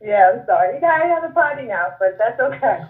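A woman's voice: fairly high pitch, animated, fast. Giggly Long Island woman on a tinny line. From Long Island, New York. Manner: giggly, blunt, profane. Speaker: guest fighter. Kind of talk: casual interview chat. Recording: tinny phone-line sound.

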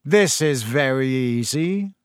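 Guy voicing a snotty rich schoolboy, slow sneery drawl, pitched up a bit, dry sound. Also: no echo, lightly acted. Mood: sneering drawl. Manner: slow drawl, high shrieks when hurt. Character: sneering spoiled schoolboy, arrogant and cowardly.

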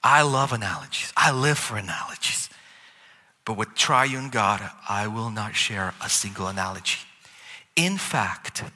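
A man preaching a sermon as pastor, lively and playful, with chuckles and asides to the congregation. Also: mid-range voice. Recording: long hall reverb.

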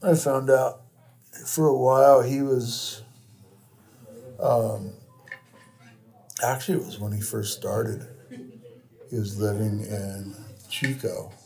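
A tattoo shop owner with a Californian accent, telling stories in casual chat, swearing freely and acting out other people's lines. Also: male voice, medium pitch, fairly even intonation, takes it slowly, creaky, pauses often, warm tone. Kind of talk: casual storytelling.

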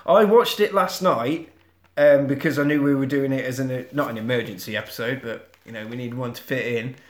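A man co-hosting a podcast, recapping a film in casual chat as an animated storyteller who swears freely. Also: mid-range voice, a little fast. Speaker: podcast co-host. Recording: echoey room.

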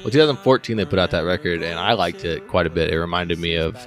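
A man co-hosting a casual music podcast, telling stories in an animated, opinionated way. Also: low voice, quick pace. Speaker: podcast co-host. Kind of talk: casual chat.

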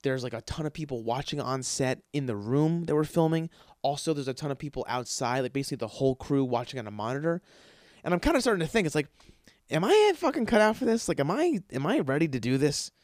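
A man's voice: fairly high pitch, very animated, fast, darkish tone, dry recording, clean studio sound. A man hosting a podcast, telling a long story casually with lots of swearing and fillers, acting out the lines of the people in it. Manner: profane, rambling, filler-heavy; acts out quoted dialogue. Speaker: podcast host.

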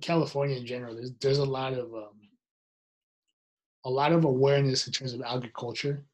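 Husky-voiced man chatting casually. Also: medium pitch, a little fast. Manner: relaxed, chatty with hesitant restarts. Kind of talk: casual chat.

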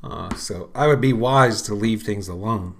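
A man, middle-aged, hosting a podcast and talking casually in a rambling, unhurried way with lots of fillers. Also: lowish voice, creaky, fairly bright tone. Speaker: podcast host. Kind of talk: casual solo talk.

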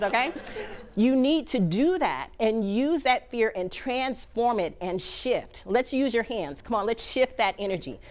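A woman giving an energetic, emphatic motivational talk from a stage, calling on the audience to repeat after her. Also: on the high side. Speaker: motivational speaker. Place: stage before a live audience.

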